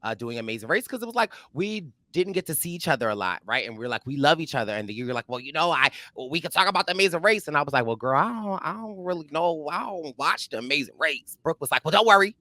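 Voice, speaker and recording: Podcast co-host, young man, very bright voice, dry close sound, animated storyteller. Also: a little high, quick pace, few pauses, no room sound. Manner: animated storyteller, acts out quotes, many fillers. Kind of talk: casual chat.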